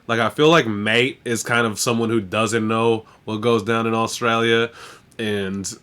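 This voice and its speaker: A man's voice: on the low side, fairly even intonation, measured pace, fairly bright tone, clear, resonant tone. Laid-back slangy guy. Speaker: stream host and rapper. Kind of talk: casual live-stream chat.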